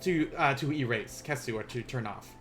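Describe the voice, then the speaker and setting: A man's voice: medium pitch, normal speed, a bit bright, soft background music. A young man teaching a casual beginners' language lesson on a live stream, playful and chatty, often laughing at his own asides.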